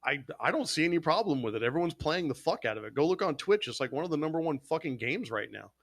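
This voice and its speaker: A man's voice: a little high, lively intonation, fast talker, no echo. A man co-hosting a casual gaming podcast, ranting with heavy swearing about game companies and mocking gamers. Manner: heated, swearing, mocks gamers in put-on quotes. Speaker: podcast co-host.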